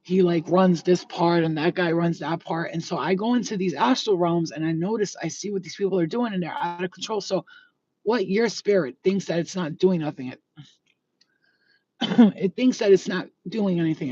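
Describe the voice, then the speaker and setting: A woman's voice: fairly low pitch, darkish tone, slightly rough, no echo. A woman telling a story in a casual, chatty way with plenty of fillers and swearing, speaking from inside a car. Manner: chatty, profane, many fillers. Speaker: spiritual vlogger. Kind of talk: casual live-stream storytelling. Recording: distant, dull lo-fi phone audio.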